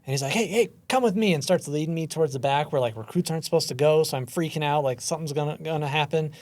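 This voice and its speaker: Slightly high-voiced man, casual host. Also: fast, a little mellow, dry recording. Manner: self-deprecating, quotes others in the story. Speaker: podcast host. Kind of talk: casual storytelling chat.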